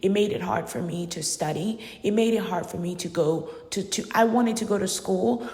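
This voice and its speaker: A woman's voice: medium pitch, moderate pace, mellow. Emphatic woman in an echoey room. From Uganda. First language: not English. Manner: emphatic, repeats phrases for stress. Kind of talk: personal monologue. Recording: echoey room with long reverb.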